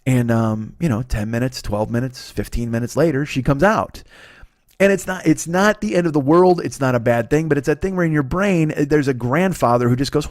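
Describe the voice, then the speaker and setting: A man in his forties talks through a rambling, profane comedy monologue into a podcast mic. He is sick, so his voice comes out a bit hoarse and he sniffles between thoughts. His pitch sits in an ordinary middle range, and the room sound is dry and close. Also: fairly quick, no echo. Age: 40s. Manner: rambling, profane, self-mocking. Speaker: podcast host.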